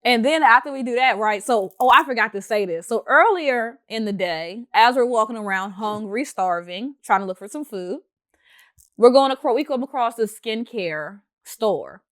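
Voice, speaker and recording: A young woman tells a story on her podcast in a casual, lively chat. She laughs easily and acts out what other people said, in a voice that sits a little high. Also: moderate pace. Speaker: podcast host.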